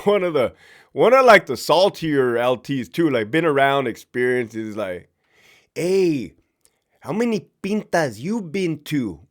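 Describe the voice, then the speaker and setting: A man, a former prison officer, chatting casually and profanely, often laughing as he tells stories. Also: mid-range voice. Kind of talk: casual storytelling chat.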